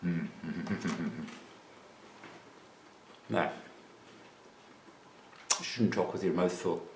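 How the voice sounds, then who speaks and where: A man's voice: low voice, slow pace, gravelly, roomy sound, slight background noise. A Scottish man chatting casually on camera about snacks while tasting them, with a dry, chatty manner. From Scotland. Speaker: vlogger presenting snacks.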